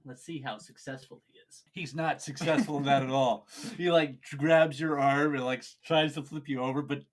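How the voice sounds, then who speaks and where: A man's voice: medium pitch, steady tone, moderate pace. A young man acting as game master, narrating a tabletop game casually and laughing often between filler words.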